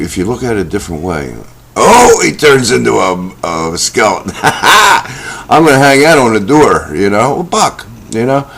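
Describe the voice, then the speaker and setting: Middle-aged man as a self-help vlog host, rambling and folksy, pitch that rises and falls a lot. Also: fairly bright tone. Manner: rambling, folksy, with many fillers and asides. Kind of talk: casual talk to camera.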